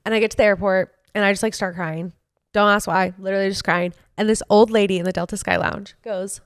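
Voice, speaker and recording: A woman's voice: mid-range voice, steady tone, fast, clean tone, no room sound, clean studio sound. A young adult woman, co-host of a podcast, telling a story in casual chat, full of fillers like "like". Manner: chatty storytelling with lots of "like".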